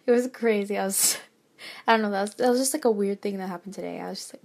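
A young woman in college chats in a rambling, hesitant way, often dropping to a whisper, her nose stuffy from a lingering cold. Her voice is medium-pitched, fast, and marked by vocal fry. She fills the talk with fillers and soft laughs.

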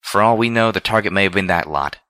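A man's voice: low voice, fast talker, no room sound, studio quality. A man reading a storybook voices a brash, blunt female pegasus pony who barks clipped orders. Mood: exasperated. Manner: shouted, clipped commands.

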